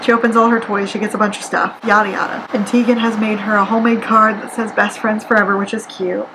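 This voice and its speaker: A woman's voice: mid-range voice, little pitch movement, fast. A woman giving a casual spoken book review at home, chatty and sarcastic, with lots of "like" and wry asides. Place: apartment with air conditioning running. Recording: noisy with air conditioner hum.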